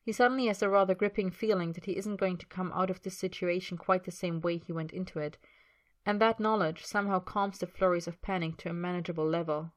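A woman narrates a story aloud in a low, even voice. Her reading is measured and expressive, carrying scene and dialogue alike.

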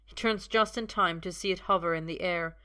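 A woman narrates a dramatic story in a steady, measured voice. Her tone is bright and crisp, pitched somewhat low. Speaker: audiobook narrator. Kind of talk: dramatic fan-fiction reading.

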